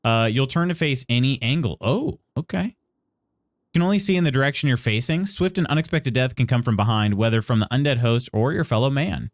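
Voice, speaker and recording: A man's voice: medium pitch, lively intonation, fairly quick, no room sound, studio quality. A man streaming a game live, reading tutorial text aloud and adding playful, wry asides to chat.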